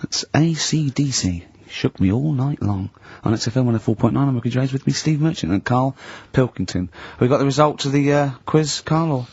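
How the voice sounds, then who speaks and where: A man's voice: mid-range voice, fairly quick, few pauses, husky, dull audio. Joking man hosting a radio show. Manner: joking, teasing, animated storytelling. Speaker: radio host. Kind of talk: casual radio chat. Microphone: studio microphone.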